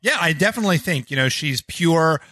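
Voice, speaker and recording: A man's voice: fairly high pitch, expressive, a little fast, pushed and bright, dry recording. A man talking as a guest on a casual podcast, rambling and packing his talk with "you know". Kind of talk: casual discussion of a TV episode.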